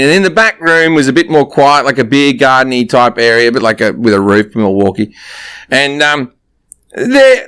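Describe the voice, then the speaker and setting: A man with a somewhat high-pitched voice, swapping stories in a casual conversation. He mocks himself, swears freely and laughs through his own anecdotes. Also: fairly bright tone, smooth. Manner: self-mocking, laughing storytelling with swearing. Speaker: comedian guest. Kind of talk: casual chat.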